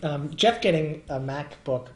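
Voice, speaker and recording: A man's voice: on the high side, darkish tone. A young man co-hosting a casual livestream chat, arguing his point emphatically. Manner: argumentative, rapid and emphatic. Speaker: co-host. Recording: roomy echo.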